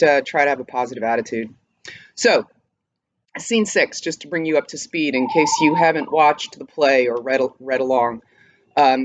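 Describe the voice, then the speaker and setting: A man teaching high school English by home video, talking casually with fillers and a little out of breath. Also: dry recording, highs cut off. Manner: relaxed, halting with fillers. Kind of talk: casual class update and reading aloud.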